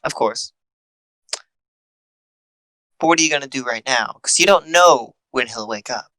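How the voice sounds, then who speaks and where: Brief: man, game master, playful, bright tone, dry close sound. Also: medium pitch, unhurried, dry recording. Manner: playful, laughs often. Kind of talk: narrating a tabletop game.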